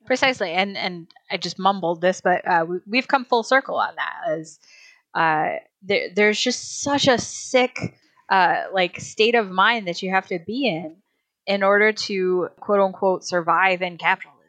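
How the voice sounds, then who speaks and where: A woman talks passionately in a relaxed podcast discussion. She is emphatic and drops into sarcastic rhetorical questions. Her voice sits at a middling pitch, and the recording is dry and close. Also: normal speed, no echo.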